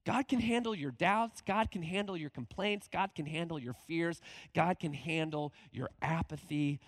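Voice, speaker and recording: A man preaching a conversational sermon as pastor, animated, often acting out quoted voices. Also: on the high side, normal speed, no echo.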